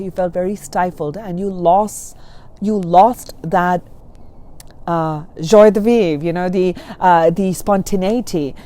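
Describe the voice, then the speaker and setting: A woman giving a gentle spiritual tarot reading, soothing and reassuring, often checking in with the listener. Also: fairly low pitch. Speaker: tarot reader.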